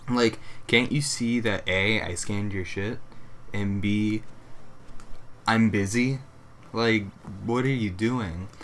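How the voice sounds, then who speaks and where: A man's voice: on the low side, takes it slowly, a bit bright. A young man co-hosting a casual chat, ranting profanely about customers and acting them out in mock voices. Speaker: co-host. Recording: faint background noise.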